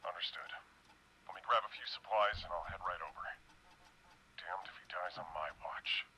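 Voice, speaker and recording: A man voicing a gruff retired male medic in a video game, with a businesslike manner. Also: low voice, moderate pace, bright, forceful tone, a little hiss or hum, rough recording.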